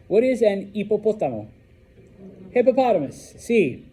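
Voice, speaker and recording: A man's voice: fairly high pitch, very animated, normal speed, mellow, husky. A man teaching a Spanish class to students, talking casually and checking in with "okay?" after each point.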